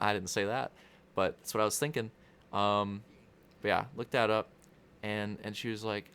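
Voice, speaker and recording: A man's voice: on the low side, fairly even intonation, moderate pace, pauses often, a bit bright, clear, resonant tone. Rambling, profane young man commentating. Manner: rambling, profane and self-interrupting. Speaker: race commentator. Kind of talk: casual livestream commentary.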